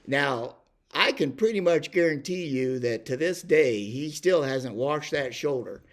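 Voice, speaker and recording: A man's voice: a little high, expressive, measured pace. An older man telling a rambling ranch story, full of fillers and restarts. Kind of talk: casual spoken storytelling.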